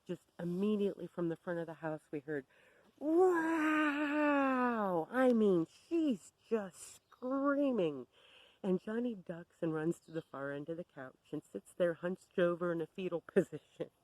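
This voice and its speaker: Candid storytime narrator, blunt and wry, mid-pitched voice. Dry recording. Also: moderate pace, hardly any pauses, mellow, dry recording, poor audio. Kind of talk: personal storytime.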